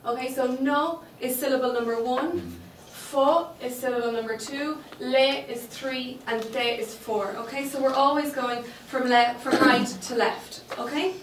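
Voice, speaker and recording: A woman's voice: high-pitched, fairly even intonation, unhurried, few pauses, slight background noise. A woman teaching a Spanish class, patient and explaining step by step, checking in with the students often. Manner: patient, checks understanding with frequent okay. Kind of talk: classroom lesson. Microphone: distant room microphone. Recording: echoey classroom, mic far off.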